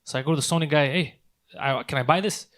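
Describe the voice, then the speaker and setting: A man co-hosting a comedy podcast, telling a story in a casual, animated way with plenty of swearing. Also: fairly high pitch, fast. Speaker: podcast co-host.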